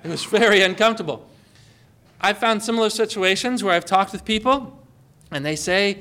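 A man's voice: high voice, normal speed, bright, forceful tone. A man from Connecticut giving a conversational sermon, telling stories and asking rhetorical questions. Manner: storytelling, full of rhetorical questions. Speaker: preacher.

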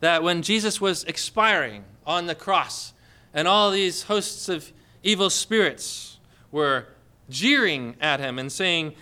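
Male preacher, high and bright, clear voice, dramatic emphatic sermon delivery. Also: expressive, slow.

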